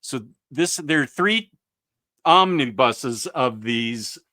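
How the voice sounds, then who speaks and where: A man's voice: medium pitch, lively intonation, takes it slowly, bright, forceful tone, no echo. A man hosting a casual comics chat, enthusiastic and rambling, with lots of fillers and restarts. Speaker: comics podcast host.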